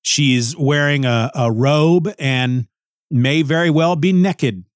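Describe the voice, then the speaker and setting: A man's voice: on the high side, slow pace, dry recording, clean studio sound. A man reviewing a comic book in a casual, rambling way, often restarting and musing aloud.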